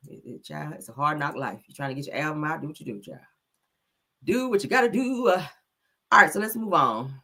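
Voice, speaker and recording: A woman's voice: medium pitch, pushed and bright, breathy edge. A woman hosting a casual gossip commentary channel, talking in a sassy, profane, teasing way to her viewers.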